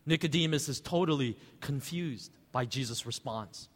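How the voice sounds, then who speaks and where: A man preaching a sermon as pastor, conversational and animated, asking rhetorical questions. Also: medium pitch, normal speed, big-room sound.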